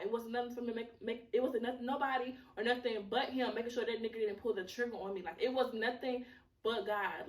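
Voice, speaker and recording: A woman's voice: fairly high pitch, reverberant, recorded from a distance. A woman hosting a podcast, telling a personal testimony in a candid, emotional way, swearing freely and using many fillers. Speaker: podcast host.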